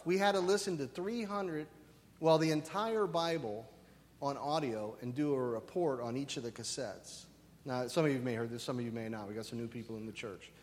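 A male pastor preaching a lively, conversational sermon, often checking in with "right?". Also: on the high side. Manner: animated, conversational, keeps asking "right?". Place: church sanctuary. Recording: reverberant hall.

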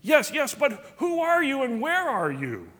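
A man's voice: wildly swooping pitch, measured pace, full character voice. A man doing a desperate cliff-hanger pleading for help. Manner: pleading, high and shouting. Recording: reverberant hall.

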